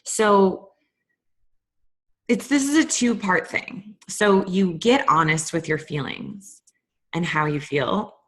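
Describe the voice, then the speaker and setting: A woman's voice: fairly low pitch, takes it slowly. A young adult woman hosting a candid, conversational self-help talk. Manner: candid, conversational, animated retellings. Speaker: host.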